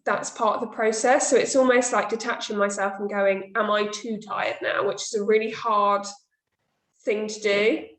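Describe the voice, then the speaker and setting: A woman chats candidly as a podcast host, acting out her own past remarks. Her voice sits at a middling pitch, and the room adds a clear echo. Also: little pitch movement, normal speed, fairly bright tone. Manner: candid, chatty, quotes herself often. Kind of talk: casual chat. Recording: roomy echo.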